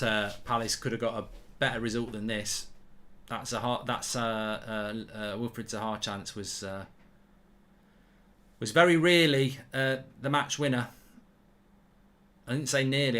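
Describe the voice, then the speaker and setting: Bright-toned man hosting a football watchalong. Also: mid-range voice, steady tone, normal speed. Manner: chatty, rambling, talks to chat viewers. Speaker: host. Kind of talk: live football watchalong commentary.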